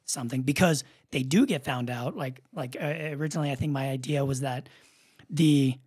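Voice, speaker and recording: A man's voice: medium pitch, brisk, a little mellow, slightly rough. A man co-hosting a podcast, chatting casually and thinking aloud with restarts. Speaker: podcast co-host. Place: room recording a podcast.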